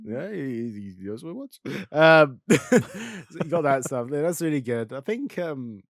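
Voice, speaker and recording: A young man co-hosting a podcast in casual chat, laughing often and dropping into low mumbles to act out quotes. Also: sing-song, a little slow, no room sound, studio quality. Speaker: podcast co-host.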